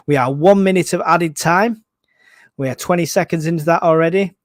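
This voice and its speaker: A man giving excitable, casual live fan commentary on a football match, groaning and swearing at the play. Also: a little high, brisk, no room sound, studio quality.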